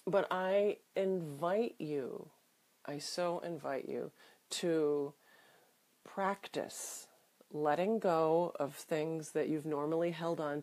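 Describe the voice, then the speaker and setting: Nasal, congested woman giving gentle advice. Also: on the low side. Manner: soft, encouraging, unhurried, with pauses and restarts. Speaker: host of a self-help video show. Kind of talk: gentle motivational talk to camera.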